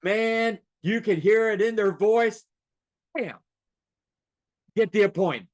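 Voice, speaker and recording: A man's voice: high-pitched, slow pace, long pauses. A man giving a motivational sales coaching talk over a video call. He is emphatic, repeats his key phrases and speaks straight to his audience. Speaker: real estate sales coach. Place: online meeting.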